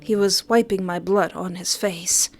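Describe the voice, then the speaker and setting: A woman's voice: on the low side, unhurried, creaky. A woman playing a horror visual novel, reading the text aloud and reacting in a jokey, dramatic way. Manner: animated, jokey, dramatic outbursts.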